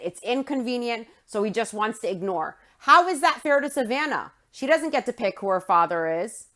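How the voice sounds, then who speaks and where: A woman with a somewhat high voice runs through a reality TV episode in her own commentary. She is blunt and indignant, throwing in sarcastic jabs as she goes. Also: a bit bright. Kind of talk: opinionated recap commentary.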